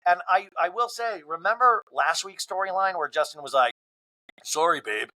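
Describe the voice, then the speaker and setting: A man's voice: high voice, lively intonation, brisk, bright, forceful tone, low-quality recording. A man hosting a podcast, recapping a reality show on his own in a playful, joking way and slipping into impressions of the people on it. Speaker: podcast host. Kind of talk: comedic solo recap.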